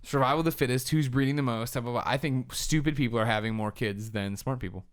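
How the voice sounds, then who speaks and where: A man co-hosting a casual podcast, building an argument step by step. His voice is clean and smooth, pitched in a middle range. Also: fast. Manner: argumentative, lays out points. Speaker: podcast co-host. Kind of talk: casual chat.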